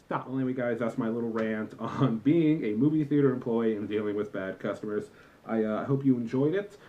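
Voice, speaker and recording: A man's voice: medium pitch, fairly quick, mellow, muffled recording. A young man in a comedic vlog rant about customers, talking in an exasperated, lecturing and emphatic way. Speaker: vlogger, former movie theater employee.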